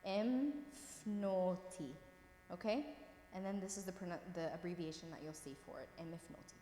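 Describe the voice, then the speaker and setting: A woman's voice: on the low side, lively intonation, a little fast, mellow. A woman teaching a language class, reading words aloud and patiently checking that her students follow. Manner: patient, encouraging, checks in often. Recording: roomy echo with long reverb, faint room noise.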